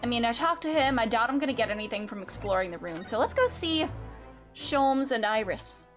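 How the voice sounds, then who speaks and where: A woman's voice: a little high, expressive, a little fast, a bit bright, soft background music. A woman streamer giving playful, giggly commentary while playing a game. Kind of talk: let's play commentary.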